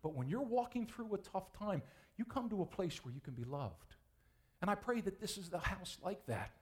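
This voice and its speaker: Male pastor, lively sermon delivery with a slightly high, very expressive voice, acts out quotes. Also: moderate pace. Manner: animated, acts out quoted voices, chuckles often.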